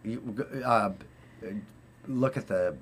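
A man's voice: lowish voice, extremely slow, a little hiss or hum. A man with a Boston accent, a guest on an interview, telling long rambling anecdotes with many fillers and restarts. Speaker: guest, former Olympic figure skater. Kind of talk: casual interview storytelling.

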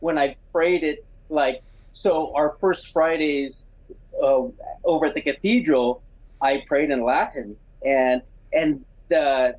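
A man as a talk show guest, speaking enthusiastically with halting restarts. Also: a little high, husky, poor audio. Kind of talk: casual conversation.

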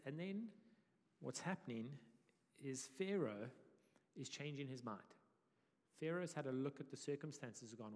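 A male pastor delivers a conversational sermon in an animated, easygoing way. His voice sits in an ordinary middle register. A long reverb trails off each phrase. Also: mid-range voice, a little slow, pauses often. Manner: conversational, animated, self-deprecating. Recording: reverberant church hall.

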